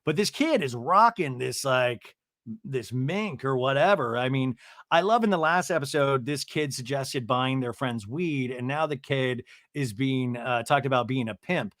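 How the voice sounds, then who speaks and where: A man's voice: mid-range voice, animated, measured pace, fairly bright tone, dry recording, clean studio sound. A man hosting a podcast, giving a rambling, self-mocking comedic recap of a TV episode. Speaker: podcast host.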